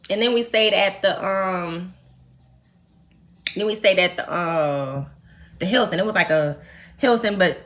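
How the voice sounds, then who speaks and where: Bright-voiced chatty woman vlogger. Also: mid-range voice, unhurried, pauses often. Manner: chatty, joking, talks to viewers. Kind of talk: casual chat while getting ready.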